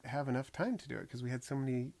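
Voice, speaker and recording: A man co-hosting a casual podcast about fish keeping, talking in a halting way and restarting his sentences as he thinks. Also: mid-range voice, creaky, a crowd in the background. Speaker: podcast co-host, fish keeper. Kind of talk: casual chat.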